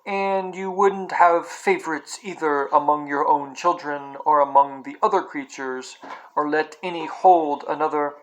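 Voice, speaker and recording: A man voicing a great male lion who speaks in a grave, slow and measured way. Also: a little high, steady tone, fairly bright tone, rough recording. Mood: solemn, kingly. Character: great male lion, solemn, kingly and kind.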